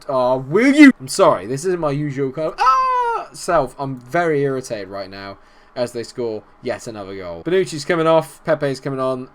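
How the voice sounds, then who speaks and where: A young man commentating his own football management game, exasperated, swinging from low muttering to shouting at his players. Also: clean tone. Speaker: gaming YouTuber. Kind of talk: let's-play commentary.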